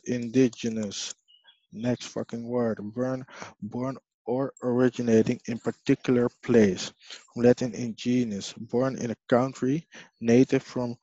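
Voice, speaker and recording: Slow, mellow man with a rambling manner. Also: mid-range voice, no echo. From Haiti. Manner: rambling, halting, with frequent apologies. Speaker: video host. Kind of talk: casual reading of dictionary definitions. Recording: dull lo-fi sound.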